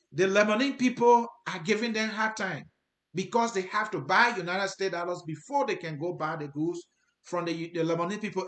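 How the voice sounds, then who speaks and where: A man's voice: sits high, fairly bright tone. A man with a Liberian accent giving commentary to his viewers, earnest, repeating his points for emphasis. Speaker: host. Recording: roomy, echoey sound.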